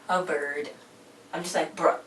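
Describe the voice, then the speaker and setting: A woman's voice: fairly low pitch, quick pace, a bit bright. A woman rambling through a casual TV recap with slangy, exasperated asides. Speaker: TV episode reviewer. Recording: roomy echo, distant mic, faint hiss.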